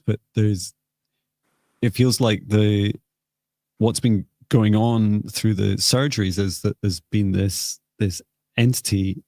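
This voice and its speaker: A man hosting a live psychic healing session, speaking softly and hesitantly with many pauses. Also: lowish voice, creaky, no echo, studio quality. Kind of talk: slow, gentle guided healing talk.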